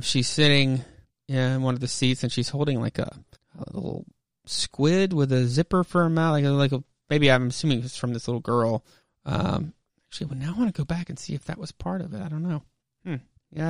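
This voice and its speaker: A man's voice: mid-range voice, dry recording, studio quality. A man hosting a podcast, casually retelling a comic book with many fillers and asides. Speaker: podcast host.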